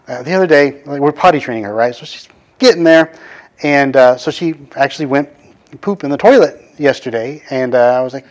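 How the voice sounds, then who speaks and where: A man's voice: medium pitch, brisk. A man in his thirties preaching in a casual, conversational way, often adding "right?" and acting out the people he quotes. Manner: conversational, animated, frequent "right?" asides; acts out quoted voices. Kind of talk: casual sermon.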